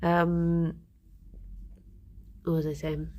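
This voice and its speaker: A woman chatting casually on a live stream, halting with fillers and breaking off to baby-talk to her pet. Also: lowish voice, creaky.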